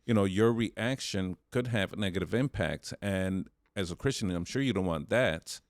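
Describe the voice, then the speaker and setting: A man co-hosting a casual podcast, talking in a calm and supportive way. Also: low voice, moderate pace, dry recording, clean studio sound. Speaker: podcast co-host.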